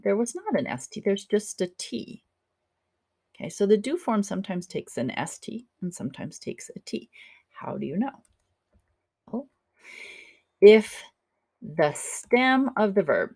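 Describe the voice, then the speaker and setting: A woman's voice: lowish voice, dry recording, clean studio sound. A woman teaching a German grammar lesson over slides, chatty and encouraging, checking in often with her students. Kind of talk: classroom lecture over slides.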